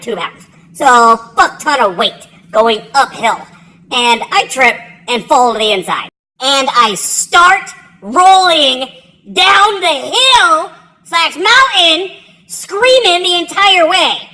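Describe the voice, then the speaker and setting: A military veteran tells a casual, rambling story about her own past, swearing freely and laughing at herself. Her fairly high voice sounds pushed and bright on a rough recording.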